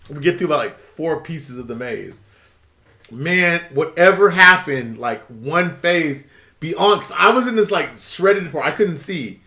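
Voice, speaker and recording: Southern guy telling a story, high bright voice, acts out the quotes, echoey room. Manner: animated, acts out quotes and laughs often. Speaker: channel host. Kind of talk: casual storytelling chat.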